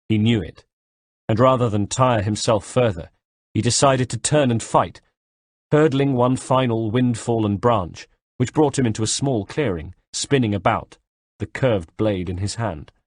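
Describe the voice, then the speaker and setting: Male audiobook narrator, low breathy voice, dry close sound. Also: no echo. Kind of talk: first-person audiobook narration.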